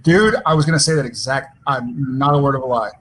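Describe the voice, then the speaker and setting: A man on a virtual fan panel, telling stories from set in a lively way and openly moved. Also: medium pitch, brisk, a little hiss or hum. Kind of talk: casual panel chat. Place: home, on a video call.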